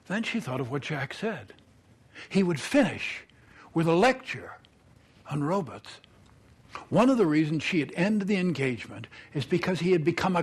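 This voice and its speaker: A man telling a story aloud in a lively, animated way. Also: on the high side, normal speed, slightly rough.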